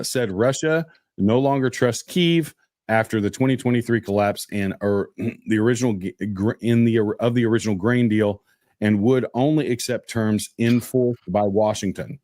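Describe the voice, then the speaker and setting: A man's voice: mid-range voice, moderate pace, darkish tone, dry recording, clean studio sound. A man co-hosting a casual political podcast, reading news stories aloud with many fillers and restarts.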